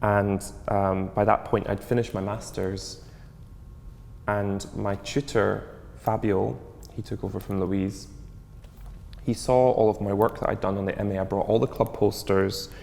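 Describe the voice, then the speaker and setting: A man's voice: on the low side, little pitch movement, measured pace, gravelly, a little mellow, big-room sound, a little hiss or hum. A man in his thirties, a fashion designer, answering interview questions in a chatty, loose way full of fillers. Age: 30s. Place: interview studio.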